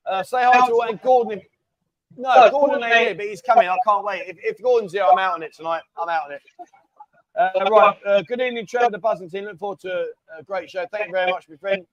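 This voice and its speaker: A man's voice: high-pitched, fast talker, dry recording. A man hosting a casual live stream, bantering and teasing viewers. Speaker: livestream host. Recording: dull lo-fi stream audio.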